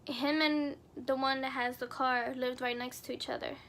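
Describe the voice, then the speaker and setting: High, flat-voiced young woman telling a story. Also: normal speed, slight background noise. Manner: earnest, somber retelling with many fillers. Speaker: vlogger. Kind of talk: storytime narration.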